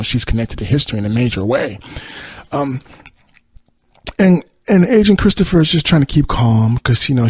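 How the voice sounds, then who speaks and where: A man's voice: medium pitch, darkish tone, breathy edge, no echo. A man hosting a podcast, casually retelling a TV episode in a rambling way with many fillers. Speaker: podcast host.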